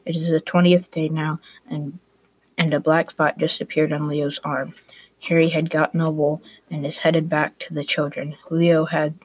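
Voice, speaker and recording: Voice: mid-range voice, little pitch movement, normal speed, breathy edge, no echo. A student narrating a class story aloud, reading plainly with small restarts.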